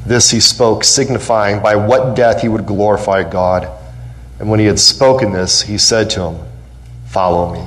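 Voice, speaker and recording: A man's voice: on the low side, steady tone, normal speed, fairly bright tone, a little hiss or hum, low-quality recording. Man preaching with rising fervor. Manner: impassioned preaching, voice rising on questions and quotes; repeats phrases for emphasis. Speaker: pastor. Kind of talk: sermon. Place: church sanctuary.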